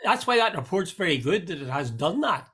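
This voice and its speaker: A man hosting a casual conversation, speaking in a measured, reflective way. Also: fairly high pitch, sing-song, fairly bright tone, slightly rough. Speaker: host. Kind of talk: casual chat.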